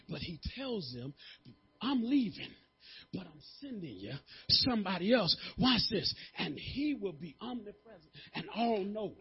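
Husky high-voiced preacher, rising to shouts. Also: male voice, muffled recording. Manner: builds from quiet talk to shouted preaching; conversational, calls on congregation members. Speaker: pastor. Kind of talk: sermon. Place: church.

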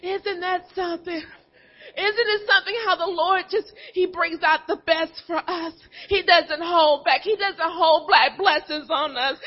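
A woman's voice: very high-pitched, fairly even intonation, a little slow, sharp tone. A woman preaching a sermon in an impassioned voice that keeps breaking into tears. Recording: dull lo-fi recording.

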